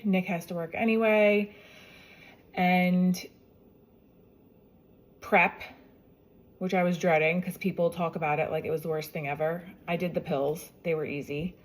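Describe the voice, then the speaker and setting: A woman's voice: on the low side, unhurried. A woman in her forties, a mother, telling her own story in a casual, chatty way and often acting out what others said.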